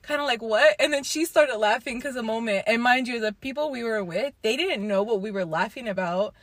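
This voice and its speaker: Chatty high-voiced young woman. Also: a little fast, no room sound. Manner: chatty, laughs often, chimes in with reactions. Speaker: podcast co-host. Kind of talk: casual chat.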